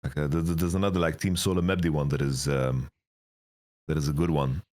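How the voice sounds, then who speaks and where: A man in his thirties, a guest telling profane, rambling stories in a casual interview, his voice getting raspy. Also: extremely low pitch, steady tone, a little fast, darkish tone. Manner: rambling, profane, laughing storyteller. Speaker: esports coach, interview guest.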